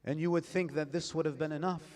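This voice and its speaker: A man's voice: a little high, fairly even intonation, fast talker, a little mellow. A man preaching a Muharram majlis sermon, telling the story in a mournful way and reciting Arabic lines. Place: majlis gathering.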